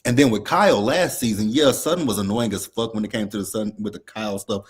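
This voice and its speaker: A man's voice: on the low side, fast talker, slightly rough. A man co-hosting a casual recap chat, blunt, profane and worked up as he talks. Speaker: podcast co-host.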